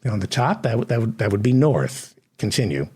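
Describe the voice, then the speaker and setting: A man hosting a satirical comedy news show, delivering sardonic, deadpan asides. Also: medium pitch, fairly quick, breathy edge.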